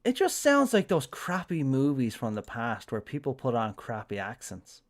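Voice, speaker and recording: A man's voice: mid-range voice, wildly swooping pitch, moderate pace. An Irish man giving casual live-stream commentary on a game, rambling with lots of fillers and self-corrections. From Ireland.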